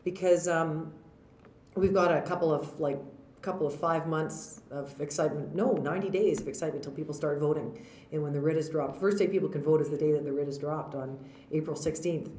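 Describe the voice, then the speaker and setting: A woman's voice: deep voice, a little fast, mellow, slight background noise. A woman politician giving informal closing remarks at a conference, telling a story with fillers and restarts. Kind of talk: conversational speech to a conference. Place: large conference hall. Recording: echoey conference hall.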